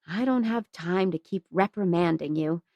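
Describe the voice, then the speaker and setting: A woman voicing a stern, flustered young nun who scolds in a shrill voice, read as an audiobook. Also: moderate pace, a little mellow, no room sound, dull audio, close to an everyday voice. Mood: scolding. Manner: scolding, shrill when cross.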